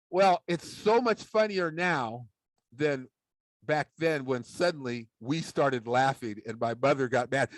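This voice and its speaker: A man telling a humorous personal story as a public speaker, animated and acting out the voices of the people in it. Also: a little high, measured pace, long pauses, no echo, rough recording. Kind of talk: storytelling speech.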